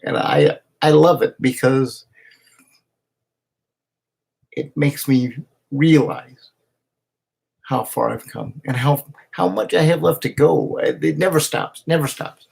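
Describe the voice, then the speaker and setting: Emotional man with a gravelly, husky voice. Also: a little high, darkish tone. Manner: emotional, halting, with restarts and pauses. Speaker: partner recording a personal video message. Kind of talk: heartfelt personal video message. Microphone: camera he speaks into.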